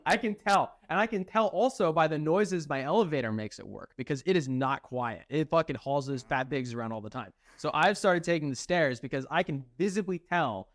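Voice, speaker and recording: A man's voice: fairly high pitch, brisk, few pauses, no echo, clean studio sound. A young man co-hosting a podcast, chatting casually and venting with lots of swearing. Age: young adult. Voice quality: profane, animated venting. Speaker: podcast co-host. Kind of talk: casual chat.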